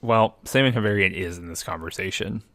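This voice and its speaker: A man co-hosting a podcast, telling what happened in his video game playthrough in a wry, animated way and acting out the dialogue. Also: lowish voice, fairly quick. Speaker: podcast co-host. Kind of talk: casual chat recapping a video game.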